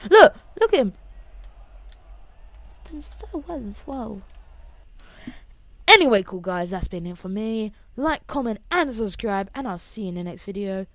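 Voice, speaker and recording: Excitable woman calling a game. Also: medium pitch, fairly quick, few pauses, no room sound. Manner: excitable, jokey, bursts of loud exclamations. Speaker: gaming YouTuber. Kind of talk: live gameplay commentary.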